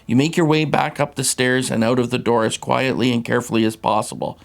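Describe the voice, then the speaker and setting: A man's voice: medium pitch, steady tone, brisk, gravelly. A man hosting a tabletop game, reading the scenario aloud and explaining rules patiently.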